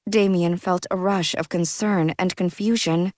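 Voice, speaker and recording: Measured woman narrator for an audiobook; unhurried, dry studio. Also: lowish voice, fairly even intonation, darkish tone, dry recording. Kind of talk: scripted narration.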